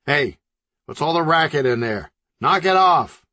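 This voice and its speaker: A man doing Zaragoza, a cranky, yelling motel owner. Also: mid-range voice, very animated, normal speed, no room sound, voice pushed up. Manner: yelling gruffly through a wall.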